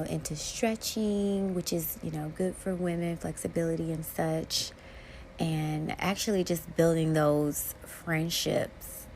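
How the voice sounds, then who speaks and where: A young adult woman hosting a casual solo podcast, talking in a candid, heartfelt way that swings between soft and bright. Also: deep voice, slight background noise. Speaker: podcast host.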